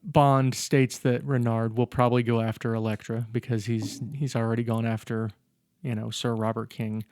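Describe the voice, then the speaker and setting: This co-host of a casual movie podcast has a mid-range voice with flat delivery, a moderate pace, and a slightly mellow, clear, resonant tone. The studio-quality recording has no echo as he rambles, self-corrects, and jokes through the story.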